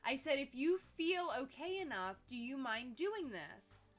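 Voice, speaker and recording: A woman co-hosting a casual chat show, bantering quickly and pushing back with quick retorts. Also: high voice, sing-song, soft background music. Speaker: podcast co-host.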